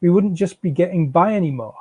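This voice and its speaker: A man's voice: high-pitched, brisk, darkish tone, breathy edge, no room sound. A man reading the part of a defensive, out-of-work young father who stammers and pleads with his wife. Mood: pleading. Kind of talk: live fiction reading.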